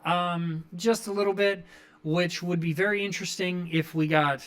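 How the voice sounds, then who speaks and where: High-pitched guy rambling thru a wrestling recap, lots of "like" and "um", pretty excited. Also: moderate pace, clean tone. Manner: rambling, enthusiastic, frequent fillers. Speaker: wrestling review podcast host. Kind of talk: casual recap commentary.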